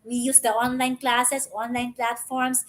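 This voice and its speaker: A middle-aged woman with a slightly high voice delivers an online lecture to fellow teachers. She speaks haltingly, repeating words and filling gaps with "um" and "uh". She often checks in with a quick "no?" or "okay?". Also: little pitch movement. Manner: frequent fillers and tag "no?". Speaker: webinar speaker.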